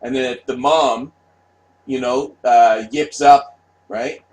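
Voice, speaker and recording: This man's mid-range, darkish voice moves slowly with fairly even intonation, captured on a rough recording. A vlogger, he rants alone with blunt, profane language, repeating himself and often asking "right?"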